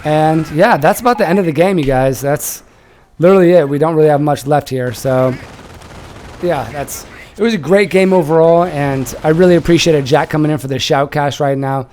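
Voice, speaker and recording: A young man shoutcasting a strategy game he played in, casual and animated, swearing and laughing. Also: on the high side, moderate pace, a little hiss or hum.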